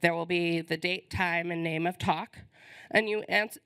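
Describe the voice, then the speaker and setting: A woman's voice: on the low side, steady tone, measured pace, a bit bright, smooth. A woman hosting a conference, giving friendly, informal welcome announcements with many ums while she is losing her voice, on a stage microphone in a conference hall. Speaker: conference host.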